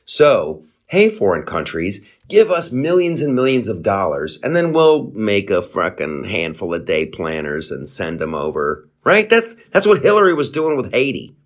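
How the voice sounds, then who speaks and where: A man's voice: on the low side, huge pitch swings, normal speed, few pauses. A man hosting a podcast, giving rambling, profane political commentary with sarcastic asides. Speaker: podcast host.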